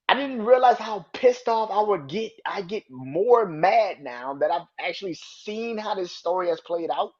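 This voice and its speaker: A man hosting his own podcast, ranting angrily and swearing, jumping from loud outbursts to low mutters. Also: lively intonation, a little slow, slightly rough. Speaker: podcast host. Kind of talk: casual solo podcast rant. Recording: dull lo-fi sound.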